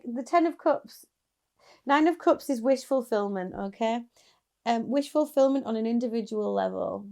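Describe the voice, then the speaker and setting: A woman's voice: on the high side, creaky, darkish tone. A woman giving a casual, chatty tarot reading straight to her viewers, encouraging and sometimes laughing. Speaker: tarot reader.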